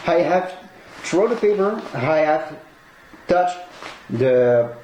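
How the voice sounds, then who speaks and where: Man, non-native English speaker, hosting an excitable home unboxing vlog; talks slowly, swears and laughs a lot; roomy, noisy recording. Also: a little high. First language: not English. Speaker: collectibles unboxer. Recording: echoey room with noisy background.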